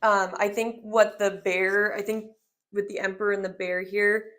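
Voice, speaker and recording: A woman's voice: medium pitch, level tone, moderate pace, fairly bright tone. A woman in her twenties doing a casual tarot reading, talking in a rambling, heartfelt way full of filler words. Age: 20s. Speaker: tarot reader.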